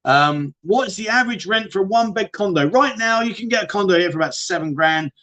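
A man's voice: high-pitched, lively intonation, fairly quick, pushed and bright. A man with a British accent hosting a casual livestream, reading out viewer questions and answering in a chatty, matey way. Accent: British English. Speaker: livestream host.

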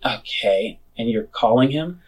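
A man narrating as game master of a tabletop game, describing scenes in an unhurried, casual way. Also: mid-range voice, lively intonation, poor audio.

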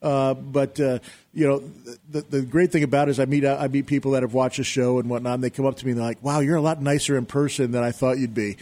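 A middle-aged man telling an animated story as a guest on a talk show, acting out his own shouting. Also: mid-range voice, fast. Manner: lively storyteller who acts out his own yelling. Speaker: guest, real estate investor.

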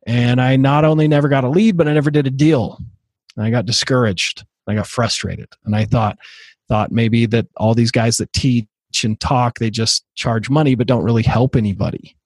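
A man in his thirties, a podcast guest telling his own story in a halting way, with many fillers and restarts. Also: medium pitch, steady tone, darkish tone, dry recording. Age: 30s. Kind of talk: casual interview storytelling.

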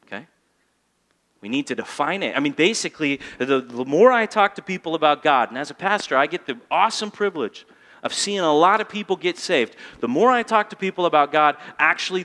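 A male pastor delivers a sermon in a church sanctuary, his voice a touch higher than most men's and ringing with a long hall reverb. He climbs to loud, emphatic peaks and then falls to a low, intent hush. He keeps calling on the congregation to answer him back. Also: animated, a little fast.

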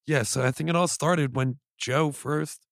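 A man's voice: a little high, measured pace, gravelly, dry recording, studio quality. A man co-hosting a podcast, joking and rambling in casual banter. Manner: joking, rambling, puts on voices. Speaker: podcast co-host.

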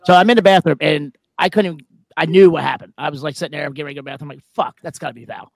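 A man's voice: fairly high pitch, steady tone, gravelly, no echo. A man co-hosting a podcast, casually telling a bar story in a loose, swearing way. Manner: fast and loose, swears freely.

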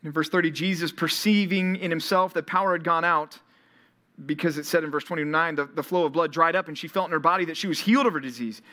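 Male pastor, sermon, bright, higher-pitched, animated storyteller. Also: fast. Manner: animated storytelling, acting out Bible scenes. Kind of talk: sermon to a college ministry.

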